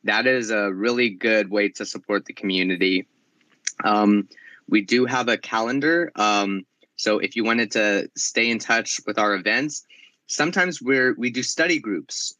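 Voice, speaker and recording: A man with a bright, forceful voice hosts a casual online chat, encouraging the listeners and chatting along with plenty of ums. The sound is dry and close. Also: on the low side, unhurried, no room sound. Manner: encouraging, chatty, uses many fillers. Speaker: host of community audio space. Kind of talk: casual audio chat room talk.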